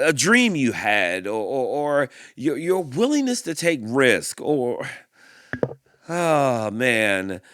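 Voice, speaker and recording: A man's voice: medium pitch, fairly bright tone, no echo, clean studio sound. A man hosting a podcast, reading a picture book and reflecting aloud, with frequent restarts and sighs. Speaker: podcast host.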